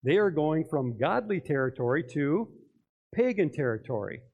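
An older man preaching with a lively, swinging delivery and a slightly higher voice than most. He acts out little scenes and keeps tossing questions to the congregation. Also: moderate pace, narrow, tinny audio. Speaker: pastor. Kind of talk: sermon.

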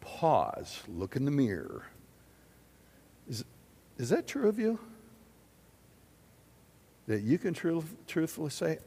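A man preaching a sermon in an auditorium, drawing answers from the audience and swinging from loud declarations to hushed questions. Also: on the high side, slow, gravelly, long pauses, breathy edge, in a large hall. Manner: animated, questioning the audience, big swings in loudness. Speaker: pastor.

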